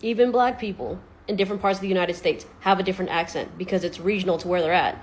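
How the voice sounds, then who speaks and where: A woman's voice: lowish voice, steady tone, quick pace, a little hiss or hum. Exasperated, profane woman ranting. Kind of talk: social media rant.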